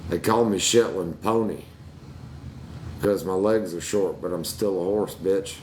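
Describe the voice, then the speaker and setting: Man, low voice, crude laid-back storyteller who laughs at his own jokes, faint hiss. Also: unhurried, a little mellow. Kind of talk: casual storytelling chat.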